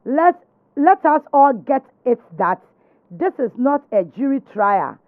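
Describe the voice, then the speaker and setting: A radio host, speaking haltingly and stumbling over words in a radio discussion. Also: high voice, very animated, no echo. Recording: tinny phone-like radio line.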